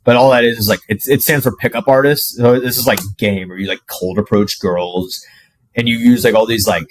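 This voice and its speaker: A man's voice: mid-range voice, a little fast, slight background noise. A man in his twenties telling a personal story to camera, casual and profane, with constant fillers like "like". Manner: profane, animated, heavy use of "like". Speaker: fitness coach.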